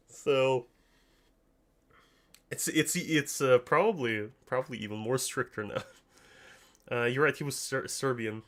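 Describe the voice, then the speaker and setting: A man's voice: mid-range voice, slow, long pauses, fairly bright tone. Casual streamer, man, Russian accent, native Russian, mid-range voice, laughs often. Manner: laughs often, restarts and trails off. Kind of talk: casual chat answering viewers.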